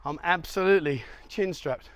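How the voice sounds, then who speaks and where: A middle-aged man with a fairly high voice vlogs outdoors into a handheld camera. He chats and jokes with his viewers as he walks, and he sounds a bit out of breath on the hill paths. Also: normal speed, a bit bright, no echo. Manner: chatty, jokey, addresses viewers directly. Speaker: travel vlogger. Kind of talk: casual walking vlog. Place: outdoors on a hillside island resort.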